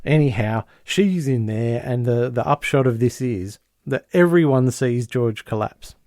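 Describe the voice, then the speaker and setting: A man, co-hosting a podcast and casually retelling a sitcom episode with lively impressions of the characters. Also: medium pitch, measured pace, dry recording, studio quality. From Australia. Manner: animated storyteller, mimics the characters' lines. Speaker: podcast co-host.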